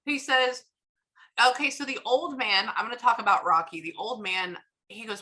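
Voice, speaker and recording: Bright-voiced chatty woman medium. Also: fairly high pitch, poor audio. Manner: chatty, retells what she hears in quick bursts. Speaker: psychic medium. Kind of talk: casual reading session.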